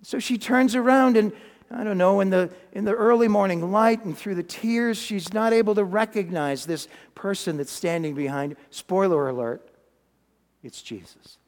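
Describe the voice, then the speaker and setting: Brief: male preacher, storytelling sermon, folksy asides, high-pitched, reverberant hall. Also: moderate pace.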